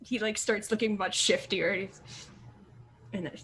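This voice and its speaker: A woman player describing her character's actions in a tabletop game, casual and halting. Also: medium pitch, fairly even intonation, a bit bright, slight background noise.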